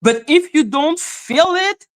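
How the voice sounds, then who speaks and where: A woman with as her ranting bluntly on a live stream, swearing freely, dropping to flat mutters and jumping to high exclaims. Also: slow pace. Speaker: livestream host. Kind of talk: casual live-stream rant.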